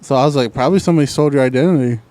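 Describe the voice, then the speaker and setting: A man's voice: mid-range voice, racing, a little mellow, no echo. A man telling a story in casual podcast chat, animatedly acting out both sides of a phone argument. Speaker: podcast co-host.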